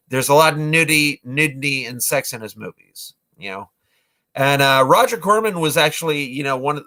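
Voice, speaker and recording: A man in his forties chats casually about movies he loves, rambling along with many fillers and restarts. His voice is bright and forward, sitting at an ordinary middle pitch. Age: 40s. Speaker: vlogger, movie reviewer. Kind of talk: casual retelling of films.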